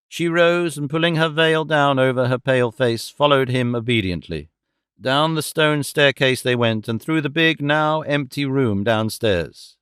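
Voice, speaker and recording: Man narrating an audiobook, mid-pitched, steady, dry close recording. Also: measured pace, smooth, no echo. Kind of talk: scripted narration.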